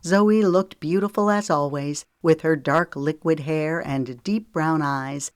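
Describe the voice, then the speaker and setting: A woman narrating a romance audiobook in a calm, measured way. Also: low voice, clean tone, no echo, studio quality. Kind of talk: scripted narration.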